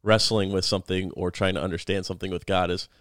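A man's voice: low-pitched, level tone, quick pace, fairly bright tone, no room sound, studio quality. A man co-hosting a podcast, talking earnestly and reflectively through a Bible passage in casual chat. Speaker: podcast co-host.

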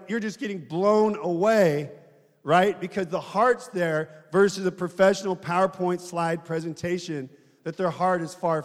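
A man's voice: high voice, in a large hall. A man preaching a sermon in a conversational way, often asking the congregation questions.

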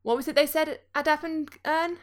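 A woman's voice: high voice, steady tone, normal speed, pitched above the performer's own voice, natural voice. British woman reading as a gossipy young bus conductor, storybook, chatty and dramatic.

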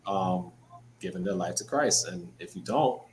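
A man with a fairly low voice talks on a podcast. He is relaxed and thoughtful and leans on "you know" as he works through a point. A faint hiss sits behind him. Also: unhurried, rough recording. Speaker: podcast co-host. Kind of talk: casual chat.

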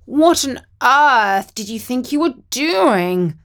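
A woman voicing a grumpy male cat who scolds slowly and reproachfully. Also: high-pitched, lively intonation, fairly bright tone, full character voice. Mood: stern.

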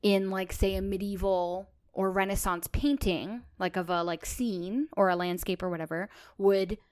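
A woman co-hosting a podcast, chatting casually and thinking out loud with enthusiasm. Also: mid-range voice, fairly even intonation, normal speed, clean tone. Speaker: podcast co-host.

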